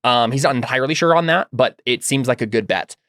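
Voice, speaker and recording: A man's voice: medium pitch, fast talker, a bit bright, no room sound, studio quality. A man narrating as game master in a tabletop role-playing game, casual and rambling with lots of fillers.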